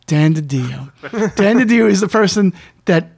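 A man telling a story in casual chat, animated, acting out the lines of the people he quotes. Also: sits high, measured pace, creaky. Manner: animated anecdote, acts out quotes. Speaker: guest storyteller.

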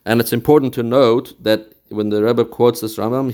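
A man teaches a Talmudic passage one step at a time, chanting the quotations as in study and mixing Yiddish and Hebrew terms into English. He is a Torah teacher with a mid-range, slightly mellow voice, steady in tone at normal speed.

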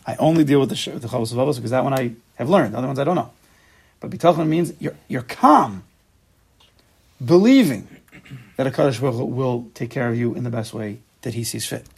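A man teaching a religious study class, explaining quickly and mixing in Hebrew terms. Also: medium pitch, gravelly, darkish tone, slightly rough.

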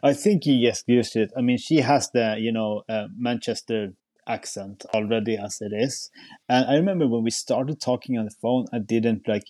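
Man, mellow voice, rambling chat. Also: mid-range voice, moderate pace, dry recording. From Sweden. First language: Swedish. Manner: rambling, many fillers and restarts. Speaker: podcast guest. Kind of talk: casual chat.

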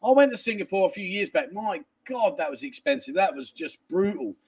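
A man with a high, husky, slightly mellow voice talks fairly quickly, his pitch swinging widely. He's hosting a casual livestream from indoors at a family home in a village, reading viewer messages aloud and rambling chattily with casual swearing and frequent restarts.

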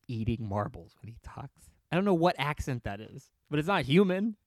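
A man's voice: mid-range voice, normal speed, no room sound. A man hosting a podcast, telling a story in a sarcastic, comic rant, laughing often and dropping into whispers for the voices he acts out. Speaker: podcast host. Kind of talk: comedic ranting monologue.

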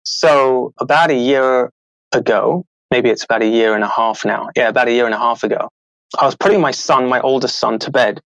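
A middle-aged man, an author and show host, telling a story in a casual, animated way and acting out the people he quotes. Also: medium pitch, fairly quick, gravelly, no echo, rough recording. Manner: animated, acts out quoted voices, laughs often.

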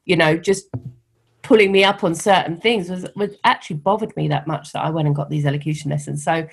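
A middle-aged woman with a softened London Cockney accent, talking candidly as an interview guest and telling stories with animation. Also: deep voice, a little fast, creaky, husky. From East London, England. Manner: candid, animated storytelling with laughs. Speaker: guest, founder of a women's network. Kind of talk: conversational interview.

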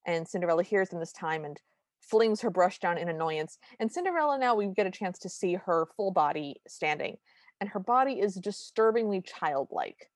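A woman with a fairly low voice co-hosts a podcast, picking apart an old cartoon in a chatty, wry and detailed way. The sound is dry and close to the mic. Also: darkish tone, no echo. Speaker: podcast co-host. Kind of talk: casual chat reviewing a cartoon.

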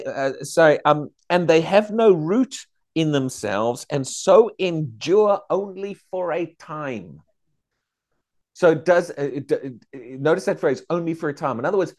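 A man teaching a Bible study, questioning his class and acting out excited believers. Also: on the high side.

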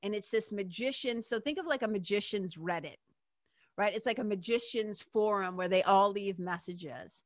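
Her mid-range voice moves at a moderate pace, captured with studio quality and no room sound. Hosting a show, the woman chats emphatically through a personal story, talking right to her audience and leaning on fillers such as "like" and "you know."

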